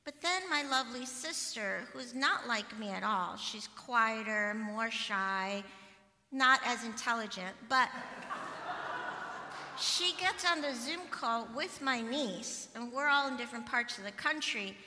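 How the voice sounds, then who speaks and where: A middle-aged woman pastor giving a sermon, telling a personal story in a conversational, animated way. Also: a little high, a little slow. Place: church sanctuary. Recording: long hall reverb from a church.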